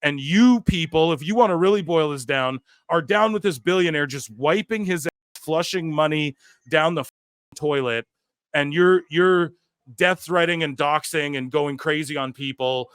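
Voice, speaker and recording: A man rants at length, exasperated and profane, leaning on filler words as he circles back to his point. His voice sits a bit high, and the recording is dry and close with no room sound. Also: normal speed, a bit bright, smooth, dry recording. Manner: exasperated, profane, repeats himself with many "like"s. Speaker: podcast co-host. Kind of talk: heated wrestling-commentary rant.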